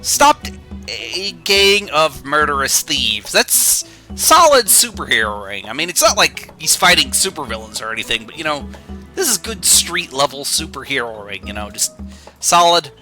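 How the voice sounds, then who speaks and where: A man's voice: fairly high pitch, big pitch swings, normal speed, bright, forceful tone, faint music behind. A man streaming a casual read-through of old comics, with sarcastic, joking asides and swearing.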